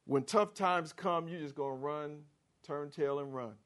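A man preaching a sermon, slow and emphatic, reading scripture aloud and driving his points home with rising force. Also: fairly high pitch. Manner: slow, emphatic preaching with sharp rises for quoted lines. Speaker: pastor.

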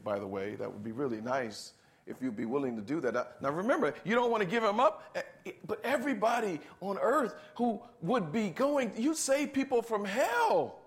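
A man preaching a sermon to a congregation, emphatic, asking them to answer back and repeating key phrases. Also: a little high.

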